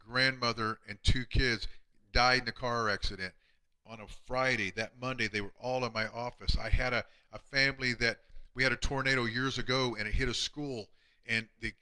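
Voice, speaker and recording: A man, a chiropractor, telling emotional patient stories on a live stream, earnest and often dropping to a hushed voice. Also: mid-range voice, clean tone. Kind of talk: heartfelt storytelling on a live stream.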